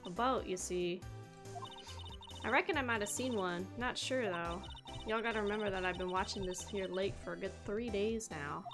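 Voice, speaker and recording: A woman's voice: mid-range voice, normal speed, natural voice. A brash, folksy young Southern woman from a game, as a woman streamer puts her on, drawling in a Southern US accent. She talks big and easy, with game music playing behind. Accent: Southern US, put on.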